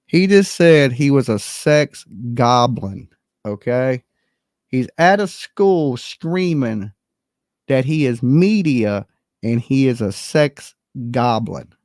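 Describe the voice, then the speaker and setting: A livestream host giving animated, blunt and profane commentary, talking straight to the chat and opening call-in lines. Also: mid-range voice, slow, no room sound, clean studio sound. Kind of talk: live-stream commentary with call-ins.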